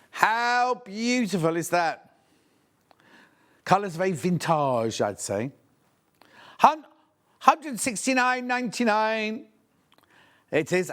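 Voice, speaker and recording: A man's voice: a little high, fairly bright tone. A man presenting products on a live shopping channel, chatty and gushing, thinking aloud as he unpacks things.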